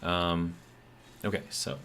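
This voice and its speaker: A man's voice: deep voice, fairly even intonation, slow pace, vocal fry, a bit bright, slight background noise. A man with a Midwestern American accent, chatting casually while streaming a game, rambling through bemused asides full of "like". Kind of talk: casual gameplay commentary.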